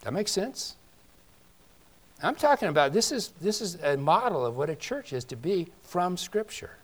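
A male pastor giving a conversational sermon, asking his congregation rhetorical questions and swinging between loud emphasis and quiet asides. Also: high-pitched, big pitch swings, moderate pace.

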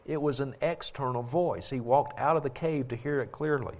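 A man Bible teacher giving a critical, sermon-style commentary, forceful and insistent and repeating his points for emphasis. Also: mid-range voice, moderate pace, few pauses.

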